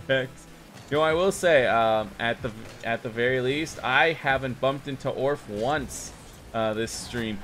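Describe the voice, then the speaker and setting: A young man giving casual live commentary while playing a game online, rambling and self-mocking, with sudden excited outbursts. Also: lowish voice, moderate pace, slight background noise. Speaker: gaming streamer.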